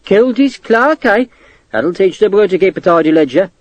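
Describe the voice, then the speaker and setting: A man's voice: sits high, expressive, moderate pace, dry recording, voice pushed up. A male narrator voicing an idle, sneering army captain with a dry, laconic way of talking. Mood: sardonic. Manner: sardonic, laconic.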